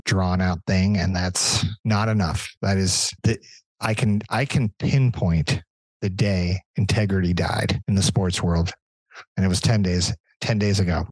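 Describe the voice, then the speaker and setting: A man's voice: low voice, dry recording, low-quality recording. A man co-hosting a podcast, ranting angrily with lots of profanity in a casual chat. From Southern California. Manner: angry, profane, animated ranting. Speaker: podcast co-host.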